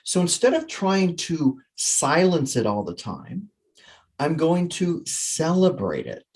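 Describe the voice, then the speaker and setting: A man with a slightly high voice talks with quick energy as a guest in an interview. He answers in a conversational way and acts out his own inner thoughts as he explains. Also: sing-song. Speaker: guest, author and coach.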